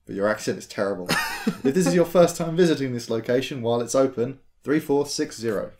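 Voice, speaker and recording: Teasing, lively-voiced man gaming. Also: mid-range voice, a little hiss or hum. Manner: teasing, quick to laugh, playful complaints. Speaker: player. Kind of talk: casual chat over a tabletop game.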